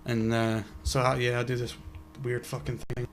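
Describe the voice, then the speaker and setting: A man's voice: mid-range voice, flat delivery, moderate pace, background noise. A young man co-hosting a podcast, rambling in casual chat with fillers and easy swearing. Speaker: podcast co-host.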